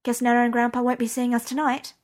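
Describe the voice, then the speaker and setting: A woman reading the part of a calm, protective mother in an audiobook, soft and steady. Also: on the high side, fast, pitched above the performer's own voice, natural voice. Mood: soothing.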